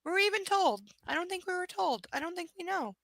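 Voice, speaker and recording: A woman's voice: very high-pitched, expressive, fast talker, creaky, a bit bright, dry recording, poor audio. A woman streaming, reading a novel aloud and chatting bluntly, swearing freely and ranting animatedly. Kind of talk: casual live-stream reading and chat.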